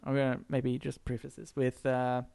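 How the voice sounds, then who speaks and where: A man's voice: medium pitch, completely flat delivery, moderate pace, gravelly, a little mellow, smooth. A man co-hosting a podcast in casual, rambling, jokey chat. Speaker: podcast co-host.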